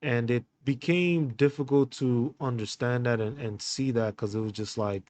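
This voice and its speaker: A man hosting a podcast, telling a personal story in a candid, halting way with many fillers and restarts. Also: medium pitch, darkish tone, no echo. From United States. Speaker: podcast host.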